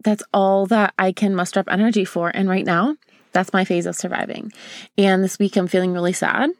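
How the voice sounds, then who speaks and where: A woman's voice: mid-range voice, steady tone, fairly quick, no room sound. A young woman hosting a podcast, talking openly and emotionally to her listeners as if chatting with a close girlfriend. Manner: open, emotional, confiding, addresses listener as a girlfriend. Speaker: podcast host. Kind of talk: casual heartfelt podcast talk.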